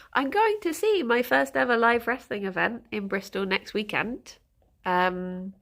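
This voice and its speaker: A woman's voice: on the high side, gravelly, a bit bright. A woman streaming casually, giggly and rambling, chatting with viewers and talking to her rabbits, a bit sniffly.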